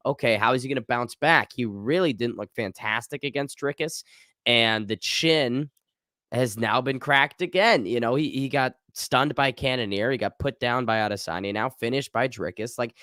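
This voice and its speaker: Analytical guest, man, bright voice, dry close sound. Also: medium pitch, dry recording. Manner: measured, analytical reasoning. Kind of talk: casual podcast chat.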